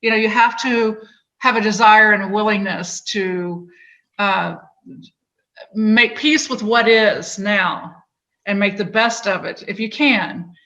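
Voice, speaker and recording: A woman guest in an interview, speaking in a slow, halting way with many pauses and restarts. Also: mid-range voice, bright, forceful tone, dull audio. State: tearful, voice breaking. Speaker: podcast guest. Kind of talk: emotional interview conversation.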